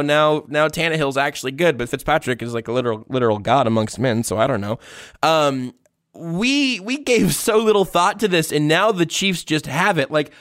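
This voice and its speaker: A man's voice: a little high, fairly bright tone, no room sound, studio quality. Rambling, jokey man hosting a sports podcast. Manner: rambling, jokey, trails off into awkward asides. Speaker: podcast host. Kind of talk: casual chat with a read-out sponsor ad.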